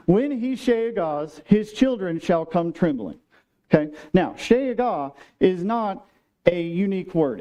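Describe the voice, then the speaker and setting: A man preaching a sermon in a church, casual and joking, acting out quotes with lively turns. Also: a little high. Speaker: pastor. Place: church sanctuary.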